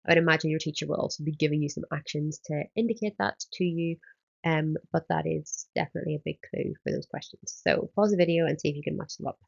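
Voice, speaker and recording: A woman's voice: low voice, steady tone, fast talker, creaky, a little mellow, breathy edge, highs cut off. A woman, a Spanish teacher, explaining exam answers step by step in a recorded lesson and often starting with um.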